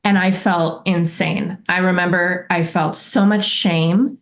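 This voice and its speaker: A woman's voice: on the low side, steady tone, slow. A woman guest on a podcast, telling a personal story in a candid, reflective way and acting out remembered remarks.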